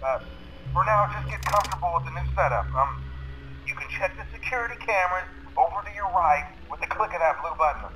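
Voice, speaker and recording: A man's voice: high-pitched, fast, pushed and bright. A man voicing a laid-back attraction manager in a recorded message, rambling with fillers and chuckles. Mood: easygoing. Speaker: recorded phone message from a boss. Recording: noisy recorded message audio.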